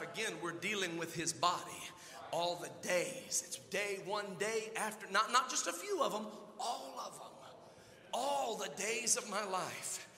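A man preaching an impassioned sermon as pastor of a church, building from quiet reflection up to shouted exhortation. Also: high-pitched, roomy sound, long reverb tail.

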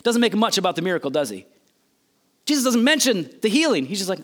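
A man preaching a sermon, telling a story with animated, changing delivery and acted-out quotes. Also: sits high, fast. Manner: animated storytelling, voices quotes, sudden loud and soft swings.

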